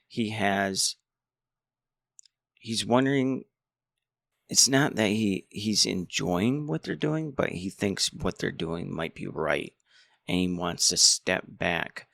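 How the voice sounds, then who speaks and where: Slow, deep-voiced man reviewing a movie. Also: gravelly, fairly bright tone, no echo, clean studio sound. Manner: rambling, many restarts. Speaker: movie commentator.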